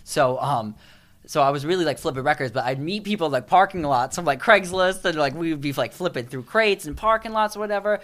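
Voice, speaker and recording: A man's voice: fairly high pitch, fairly quick, a bit bright. A man co-hosting a podcast in casual chat, rambling through stories and acting out the people in them. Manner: rambling storyteller, acts out quoted voices. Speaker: podcast co-host.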